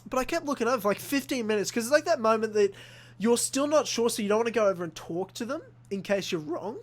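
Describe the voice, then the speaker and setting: A young man from Australia, hosting a casual podcast and telling an animated story full of acted-out quotes and swearing. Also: very high-pitched, quick pace. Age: young adult. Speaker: podcast host. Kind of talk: casual chat.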